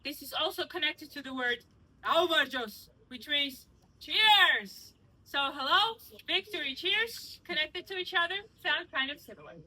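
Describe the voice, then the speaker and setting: Bright high-voiced female tour guide. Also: lively intonation, measured pace, poor audio. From Georgia. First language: Georgian. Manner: playful, teasing, explains with examples. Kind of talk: guided walking tour explanation. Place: outdoors in old city streets.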